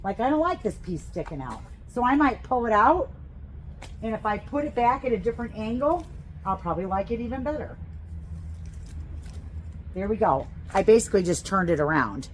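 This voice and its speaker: Woman, gardening teacher, chatty and gushing, mid pitch, faint background hiss. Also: fairly bright tone, low-quality recording. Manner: enthusiastic, chatty, gushing over plants. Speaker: gardening instructor. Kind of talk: how-to demonstration. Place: outdoors on a porch.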